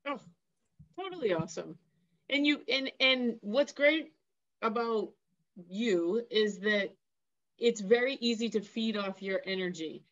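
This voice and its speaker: A woman's voice: on the high side, lively intonation, unhurried, pauses often, a bit bright, dull audio. A woman hosting a podcast interview who talks with enthusiasm and sums up her guest's points for listeners. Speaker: podcast host. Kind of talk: casual interview talk.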